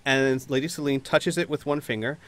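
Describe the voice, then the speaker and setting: A man's voice: medium pitch, steady tone, fairly quick, a bit bright. Man narrating as game master.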